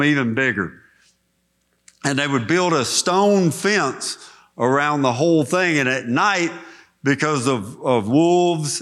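A man's voice: on the high side, a bit bright. A middle-aged man preaching a sermon in an auditorium, folksy and conversational, telling personal stories. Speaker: preacher and director of chaplaincy.

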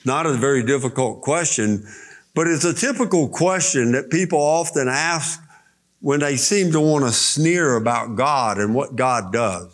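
A man preaching a sermon, explaining scripture slowly and deliberately and reading verses aloud. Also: mid-range voice, expressive.

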